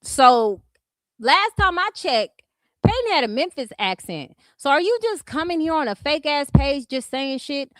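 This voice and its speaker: A woman's voice: high voice, lively intonation, unhurried, fairly bright tone, dry recording. A woman from California with a Californian accent, ranting bluntly and profanely at trolls on her commentary vlog. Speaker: YouTube commentary host.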